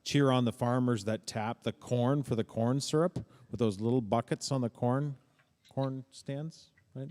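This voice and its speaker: A man's voice: mid-range voice, a little slow, a little mellow, in a large hall. A man co-hosting a casual youth group livestream, playful and joking.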